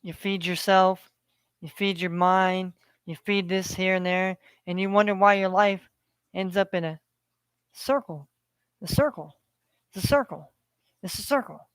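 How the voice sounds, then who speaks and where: A man on a heated, preachy rant, swearing freely and circling back to the same phrases. His voice is smooth and resonant. The sound is close and dry, with no room around it. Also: high voice, a little slow, long pauses, fairly bright tone, dry recording. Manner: profane, preachy, repeats phrases. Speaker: vlogger. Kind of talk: ranting monologue.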